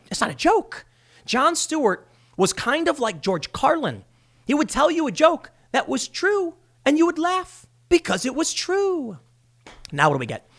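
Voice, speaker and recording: A man's voice: very high voice, fairly bright tone. A man hosting a solo commentary show, ranting with exasperated sarcasm and mocking the people he quotes. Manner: mocking voices when quoting people. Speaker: political commentary host.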